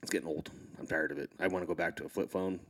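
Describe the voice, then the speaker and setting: A man's voice: low voice, fairly even intonation, racing. A blunt, dry man on a casual podcast who swears freely.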